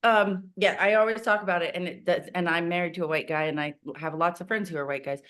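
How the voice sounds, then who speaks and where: A woman's voice: fairly low pitch, fairly even intonation, fast, fairly bright tone. Joking, blunt storytelling woman. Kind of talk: casual chat.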